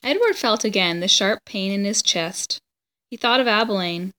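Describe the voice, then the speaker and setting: A woman reading a children's chapter book aloud at a medium pitch. Her storytelling is steady and even, chapter by chapter. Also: normal speed. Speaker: story reader.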